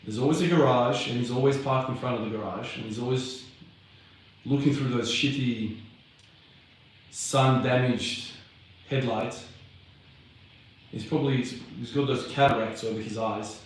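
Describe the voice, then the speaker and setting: A man's voice: medium pitch, unhurried. A young man vlogging casually between heavy lifting sets in his home garage, out of breath, laid-back and swearing as he rambles. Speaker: fitness vlogger. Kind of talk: casual chat between sets, answering live comments. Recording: very echoey garage from far off.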